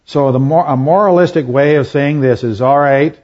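A man preaching a Bible teaching, reading scripture at a measured pace, then explaining in a conversational way and often checking in with "all right?" and "okay?". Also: a little high, a little mellow. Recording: slightly dull, lo-fi recording.

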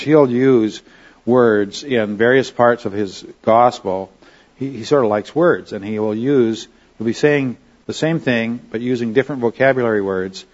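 A man's voice: mid-range voice, lo-fi sound. A man teaching a Bible study lesson in a conversational way, often checking in with his listeners.

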